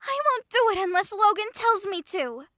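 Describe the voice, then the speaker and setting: A woman voicing a defiant, jealous monster girl who argues loudly. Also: very high voice, sing-song, moderate pace, dry recording, clean studio sound, full character voice. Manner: defiant, loud.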